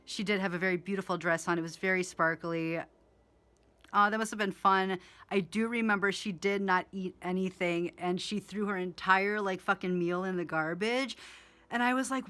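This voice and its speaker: Rambling, bright-voiced woman telling a story. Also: medium pitch, fairly even intonation, normal speed. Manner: rambling, profane, many fillers. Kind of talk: casual storytelling.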